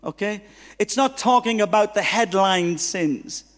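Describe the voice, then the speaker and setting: A man's voice: sits high, measured pace. A man preaching as a guest pastor, telling stories with humor and acting out the dialogue. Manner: animated, humorous, acts out dialogue. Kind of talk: sermon with storytelling. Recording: long reverb of a hall.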